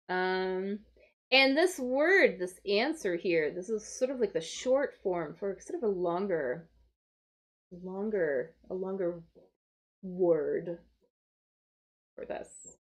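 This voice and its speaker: Slow, lively woman teaching vocabulary. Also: medium pitch. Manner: slow, explaining, thinking aloud. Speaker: English teacher streaming crosswords. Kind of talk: live-stream vocabulary lesson.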